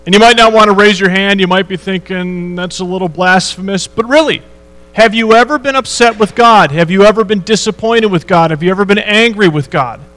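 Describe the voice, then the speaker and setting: A man's voice: sits high, a little fast, a bit bright, rough recording. A man preaching a sermon in a church, reading scripture and asking the congregation rhetorical questions in a conversational way. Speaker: pastor.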